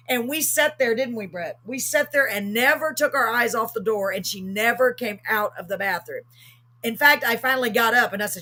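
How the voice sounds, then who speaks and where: A woman's voice: mid-range voice, brisk. Middle-aged lady on a live show, tells stories with lots of emphasis and acts out the quotes. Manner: animated, emphatic storytelling with acted-out quotes. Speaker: host. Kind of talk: casual storytelling on a live show.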